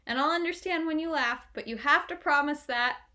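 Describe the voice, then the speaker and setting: A woman's voice: high-pitched, brisk, bright, forceful tone, pitched above the performer's own voice. A woman voicing an earnest little boy. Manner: earnest, worried. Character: young boy, earnest and anxious.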